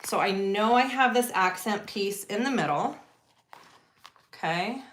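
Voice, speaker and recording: A woman's voice: medium pitch, animated, measured pace, fairly bright tone, a little hiss or hum. A woman hosting a live sewing tutorial, chatting casually and greeting viewers as she works. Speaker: sewing livestream host.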